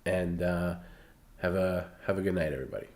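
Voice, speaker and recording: A man's voice: sits low, brisk, a little mellow, slight background noise. A male co-host with a stuffy, nasal voice, wrapping up a live show in a rambling, wry way full of fillers. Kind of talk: casual sign-off chat. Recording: roomy echo.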